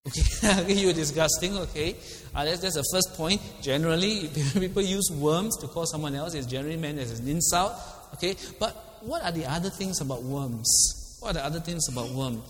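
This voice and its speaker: A middle-aged man with a Singaporean English accent preaches a casual, chatty sermon, laughing often and asking congregation members questions by name. His voice is fairly high, expressive, and fairly quick, and a long hall reverb surrounds it.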